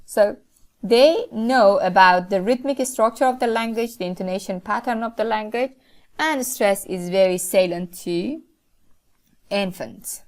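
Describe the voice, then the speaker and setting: Slow, deliberate woman lecturer. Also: mid-range voice, darkish tone. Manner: slow, deliberate explaining with careful pauses. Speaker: linguistics lecturer. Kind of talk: recorded lecture.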